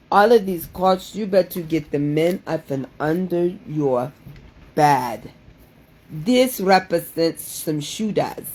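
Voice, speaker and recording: A woman's voice: low-pitched, darkish tone. Dramatic woman exclaiming. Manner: dramatic, exclaiming, repeats phrases in a sing-song way. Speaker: livestream host doing card readings. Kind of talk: playful livestream chat.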